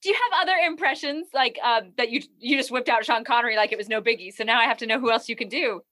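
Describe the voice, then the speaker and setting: A woman's voice: fairly high pitch, quick pace, pushed and bright. A woman hosting a casual interview, asking curious, encouraging questions. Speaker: interview host.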